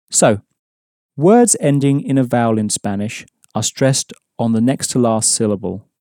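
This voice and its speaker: A man teaching a language lesson in measured, scripted narration, explaining rules and repeating key points. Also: mid-range voice, mellow, no echo, studio quality.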